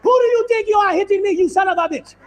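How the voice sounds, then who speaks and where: A comedian voicing a defiant enslaved African man who shouts indignantly that he is done being beaten and is walking out. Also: extremely high pitch, animated, fast talker. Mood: defiant shouting.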